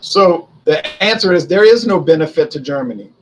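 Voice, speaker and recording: A man's voice: fairly high pitch, animated, fairly quick, breathy edge, rough recording. A man giving a casual spoken history commentary, chatty and conversational, asking rhetorical questions and answering them himself. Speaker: history video host.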